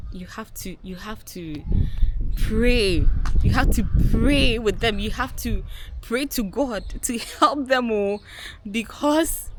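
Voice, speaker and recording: A woman vlogger speaks straight to her viewers in a mid-pitched voice and tells her own story. She stresses and repeats words for emphasis and keeps calling her audience "guys." A faint noise sits under the recording. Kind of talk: personal storytelling to camera.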